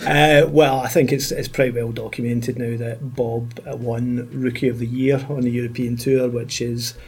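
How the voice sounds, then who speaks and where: Scottish guy on a golf podcast, bit husky, rambly storyteller with ums. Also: medium pitch, level tone, moderate pace, darkish tone. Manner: chatty storyteller, many fillers. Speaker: golf expert co-host. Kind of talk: casual podcast chat.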